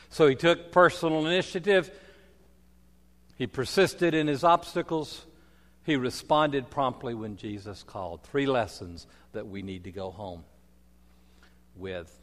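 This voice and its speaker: Slow, dramatic male preacher. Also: mid-range voice. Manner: dramatic storytelling with wide swings in loudness. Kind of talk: sermon. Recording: long hall reverb.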